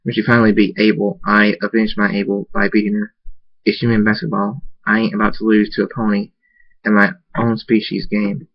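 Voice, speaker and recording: A man's voice: lowish voice, little pitch movement, brisk, dry recording. A man reading his own first-person fan story aloud, often stumbling and repeating words as he goes. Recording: dull lo-fi recording.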